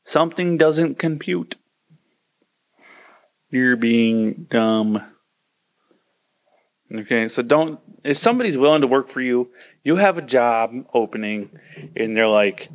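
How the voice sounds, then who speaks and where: A man hosts a casual advice podcast, talking off the cuff. His voice sits a touch high, and he slips into quick acted-out voices while he rants. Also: lively intonation. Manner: ranting, acts out quoted voices. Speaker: podcast host.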